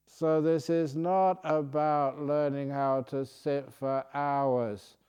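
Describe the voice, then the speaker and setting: An older man with a British accent, a Buddhist monk giving a chatty, storytelling meditation talk at a retreat, chuckling often and going soft when he speaks of silence. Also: medium pitch, clean tone. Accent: British English. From Britain. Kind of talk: relaxed dharma talk with anecdotes. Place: retreat centre meditation hall.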